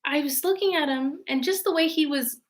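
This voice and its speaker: A young woman hosting a casual live stream from home, chatting with viewers and telling a dating story in an animated way. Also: high-pitched, a little fast.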